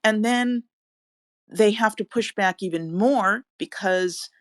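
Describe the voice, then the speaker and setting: A woman hosting an interview, speaking in a halting conversational way with many fillers. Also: medium pitch, no room sound, studio quality. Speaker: interview host.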